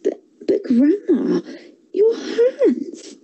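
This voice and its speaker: A woman voicing a carefree young girl in a storybook, asking high, wide-eyed questions. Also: wildly swooping pitch, drawn-out words, vocal fry, dark tone, muffled recording, heavily acted. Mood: puzzled. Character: young girl, Little Red Riding Hood, carefree.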